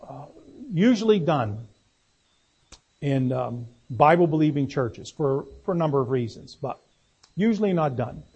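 Husky-voiced man preaching a folksy sermon. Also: a little high, animated, unhurried, pauses often, a little mellow, dull audio. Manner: folksy, asks the congregation questions.

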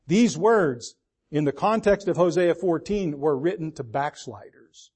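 High-voiced older male pastor preaching. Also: lively intonation, slightly rough. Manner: shifts from emphatic, drawn-out words to soft, low asides. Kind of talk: sermon.

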